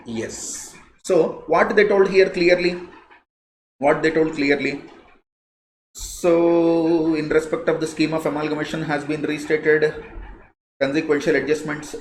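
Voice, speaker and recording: Male teacher, Indian English accent, lively pitch, repeats phrases, echoey room. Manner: repeats key phrases, emphatic, conversational. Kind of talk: live online lecture. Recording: echoey room, faint noise.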